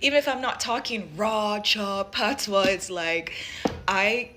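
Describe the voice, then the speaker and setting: A woman's voice: medium pitch, expressive, measured pace, pushed and bright. A young adult woman from Jamaica with a light Jamaican accent mixed with American, talking reflectively in a casual monologue full of fillers. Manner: thoughtful, many fillers like "like" and "you know". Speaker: vlogger.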